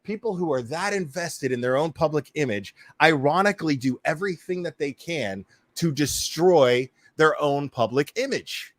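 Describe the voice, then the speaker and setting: A man with a rather high, expressive voice hosts a casual YouTube reaction commentary at a moderate pace with few pauses, recorded dry. He swears freely, laughs, and stammers through restarts.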